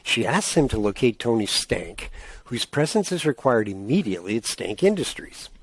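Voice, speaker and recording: A man's voice: medium pitch, sing-song, moderate pace, husky, no echo. A man co-hosting a casual comic-book podcast, reading plot summaries aloud and cracking joking asides. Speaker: podcast co-host.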